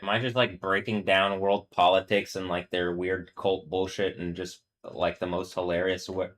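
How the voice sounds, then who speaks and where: Guy rambling on a live stream, lowish voice, swears a lot, laughs at his own jokes. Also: level tone, moderate pace, a bit bright, poor audio.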